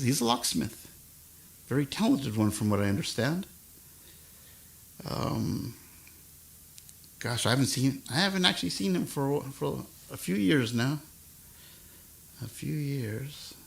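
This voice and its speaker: An older man hosting his own live stream, chatting with viewers in a rambling, soft-spoken way. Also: mid-range voice, gravelly. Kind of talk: casual chat with viewers between songs. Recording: acoustic guitar music behind the voice.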